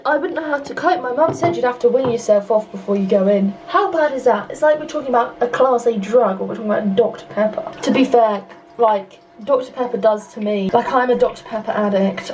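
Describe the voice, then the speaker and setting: A woman's voice: fairly high pitch, low-quality recording. A young woman with a British accent chatting to camera on her phone in a car, rambling, self-deprecating and swearing freely. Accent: British English. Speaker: vlogger. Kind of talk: casual chat to camera. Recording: car interior with road noise.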